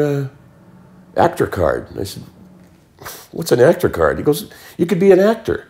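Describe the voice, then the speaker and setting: An older man from Canada, a musician and actor, telling stories as an interview guest and acting out the voices of people he quotes. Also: sits low. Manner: animated storyteller, acts out quoted voices. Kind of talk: casual storytelling.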